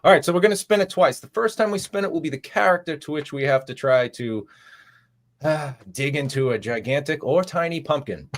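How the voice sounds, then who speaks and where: A man with a Boston accent, co-hosting a live online chat over a video call and playfully announcing game rules. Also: medium pitch. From Boston area, US. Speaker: co-host. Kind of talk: casual live stream chat.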